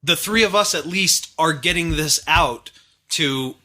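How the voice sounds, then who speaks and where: A man's voice: a little high, a little slow, bright, forceful tone. A man from Massachusetts co-hosting a casual podcast, rambling and profane with many restarts. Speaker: podcast co-host.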